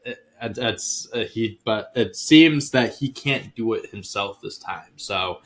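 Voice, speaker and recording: A man's voice: on the low side, measured pace, a bit bright. A man co-hosting a sports podcast, talking casually and bluntly, often restarting his sentences. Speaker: podcast co-host.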